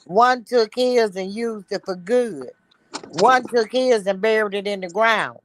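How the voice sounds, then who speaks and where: A woman's voice: mid-range voice, a little slow, a little hiss or hum. A woman, a guest on a casual video-call chat, ranting in a blunt, sassy way.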